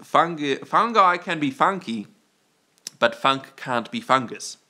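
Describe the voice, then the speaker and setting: Bright-voiced rambling Australian man. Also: on the high side, expressive, takes it slowly. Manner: rambling and playful, trails off and restarts, reads out chat comments. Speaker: livestream host. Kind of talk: rambling live-stream chat.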